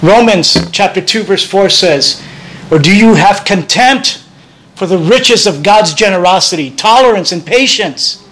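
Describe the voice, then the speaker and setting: A man's voice: sits high, lively intonation, measured pace, fairly bright tone, rough recording. A man preaching a sermon as pastor, earnest and conversational, often restarting his phrases.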